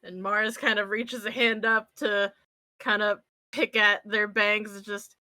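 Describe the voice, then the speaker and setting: A woman's voice: medium pitch, flat delivery, a little slow, bright, forceful tone, dry recording. A young woman playing a tabletop game, wry and teasing, sometimes speaking as her character. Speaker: player. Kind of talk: tabletop role-play, in and out of character.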